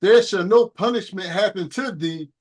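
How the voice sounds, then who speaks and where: High-voiced man reading scripture. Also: moderate pace. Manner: steady, plain reading of archaic text. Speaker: scripture reader.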